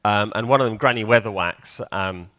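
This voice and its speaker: A man's voice: on the low side, moderate pace, pushed and bright. A man giving a live conference talk in a hall, chatty and joking, quizzing the audience. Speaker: conference speaker.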